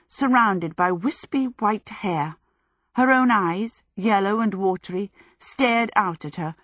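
Slow, measured woman narrator. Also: mid-range voice, dry recording, clean studio sound. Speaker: audiobook narrator. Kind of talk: scripted narration.

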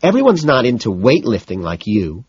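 A man's voice: on the low side, animated, a little mellow, slightly rough, no echo, dull audio, pitched above the performer's own voice. A man reading an audiobook voices a chatty, exasperated wealthy young woman who scolds and gossips. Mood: scolding. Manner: gossipy, scolding, quick to dismiss.

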